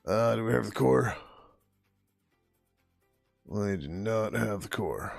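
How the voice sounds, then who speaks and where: A tired man on a casual coding livestream, swearing, laughing and muttering code names as he works, his throat getting hoarse. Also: lowish voice, lively intonation, takes it slowly, no echo, soft background music. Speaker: livestreaming programmer.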